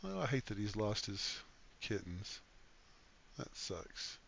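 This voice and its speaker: A man's voice: fairly low pitch, very animated, slow pace, creaky, fairly bright tone, dull audio, slight background noise. An older man hosting a casual game livestream, reading chat aloud in an easygoing, folksy way and thanking viewers.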